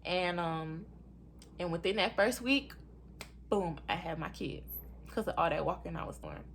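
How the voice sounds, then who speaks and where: A young woman casually telling her own story to her viewers, animated, often calling them y'all and acting out what people said in a high voice. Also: normal speed, vocal fry, slight background noise.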